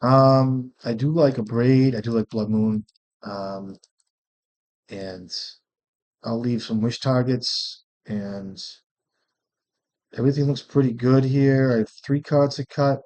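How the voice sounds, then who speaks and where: A man's voice: mid-range voice, steady tone, slow pace, a little mellow. A man streaming a card game, thinking aloud in casual, profane commentary and often muttering to himself.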